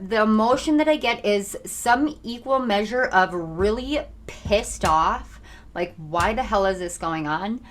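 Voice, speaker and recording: A young woman giving a channeled tarot reading to her viewers, talking fast, intense and earnest. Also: mid-range voice, a bit bright. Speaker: tarot reader.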